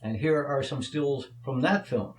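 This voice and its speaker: A man's voice: medium pitch, unhurried, reverberant, poor audio. A man vlogging to camera in a casual, opinionated way, chatty with small stumbles. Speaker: video blogger and actor.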